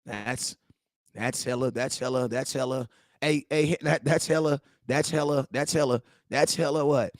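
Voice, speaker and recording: Heated and slangy, a young sports talk show host rants on his live stream, repeating himself and addressing viewers head-on. His medium-pitched voice keeps a fairly even intonation at a moderate pace, and the recording is dry.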